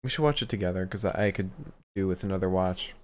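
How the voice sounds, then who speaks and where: A man's voice: low-pitched, fast talker. A man hosting a podcast, chatting casually, swearing now and then, and reading out listener questions. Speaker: podcast host. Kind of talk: casual chat.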